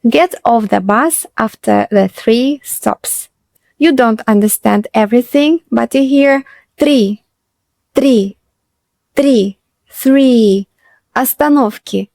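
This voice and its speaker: Slow, dry-voiced woman teacher. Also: fairly high pitch, a little mellow, no room sound. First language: Russian. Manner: slow, repeats phrases for learners. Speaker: Russian teacher. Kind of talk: slow scripted lesson narration.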